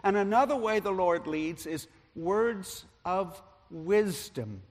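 A male pastor preaching a sermon as an animated storyteller, his loudness rising and falling with the story. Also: sits high, slow pace. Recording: long reverb of a large hall.

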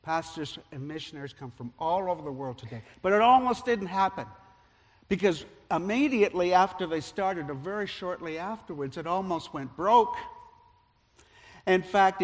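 A male pastor delivers a storytelling sermon in a somewhat high voice, growing loud at the dramatic points and dropping soft at the tender ones. His words ring out with the long reverb of a large church sanctuary. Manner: animated storyteller, loudness rising and falling with the story.

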